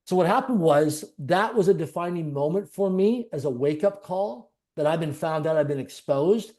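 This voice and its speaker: Man, interview guest, earnest confessional storytelling, slightly high voice, warm mellow tone. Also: expressive, normal speed. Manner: earnest, confessional, repetitive phrasing. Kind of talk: personal storytelling in conversation.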